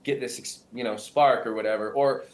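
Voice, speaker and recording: A male comedian and impressionist explaining his craft in an animated, self-interrupting way, often restarting sentences. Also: mid-range voice, a little fast. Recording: roomy echo.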